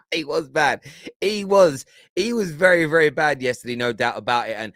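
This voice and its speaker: A man with a slightly high, fairly bright voice hosts a football reaction show, talking over clips at normal speed. He teases and laughs in animated commentary, often restarting his phrases. The recording is dry and studio quality.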